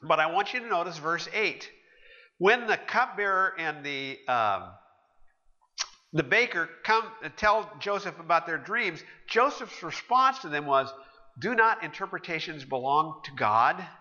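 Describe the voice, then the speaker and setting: A man's voice: a little high, measured pace. A man preaching a sermon, telling stories with animation and acting out the voices of the people in them. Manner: animated storytelling, acting out quoted characters. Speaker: pastor. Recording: muffled, with long hall reverb.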